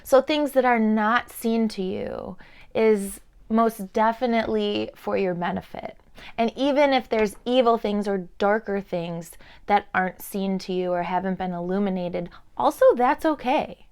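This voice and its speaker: A chatty woman in her thirties gives an oracle card reading, wandering from thought to thought with a smooth, clear voice. She talks loosely to the viewer and now and then drops into a soft murmur. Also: medium pitch, a little slow. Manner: chatty, meandering, with fillers and laughs. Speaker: tarot and oracle card reader. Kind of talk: intuitive card reading to camera.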